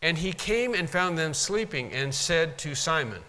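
A man's voice: on the high side, sing-song, measured pace, hardly any pauses, pushed and bright. A man preaching a sermon, teaching from a Bible passage with emphatic repetition. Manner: emphatic, repeats for stress. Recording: long hall reverb.

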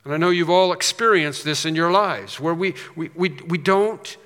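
A man's voice: fairly high pitch, moderate pace, fairly bright tone, clear, resonant tone. A man preaching a sermon as pastor, emphatic, repeating phrases and rising on key points. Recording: reverberant hall.

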